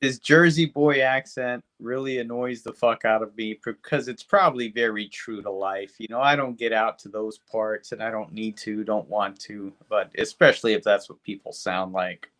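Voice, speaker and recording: A man's voice: fairly low pitch, fairly even intonation, moderate pace, hardly any pauses, a bit bright. A man in his fifties co-hosting a podcast, reviewing movies in rambling, profane casual chat. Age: 50s. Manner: rambling and profane, with lots of fillers. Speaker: podcast co-host.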